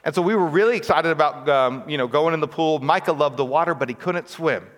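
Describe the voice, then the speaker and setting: A man's voice: a little high, a little fast. A man preaching a sermon as pastor, talking conversationally with frequent rhetorical questions and asides. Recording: long reverb of a large hall.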